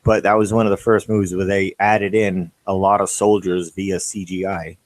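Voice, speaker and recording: Low-voiced man in loose banter. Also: little pitch movement, moderate pace, no echo. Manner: joking, rambling. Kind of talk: casual banter.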